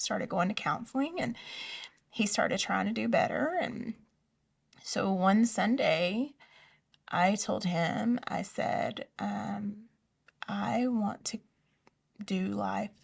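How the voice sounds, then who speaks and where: A woman telling her personal story in an interview, soft-spoken and hesitant, often dropping to a near whisper. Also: mid-range voice, gravelly, far from the mic. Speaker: interview guest. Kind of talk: personal testimony in a conversation.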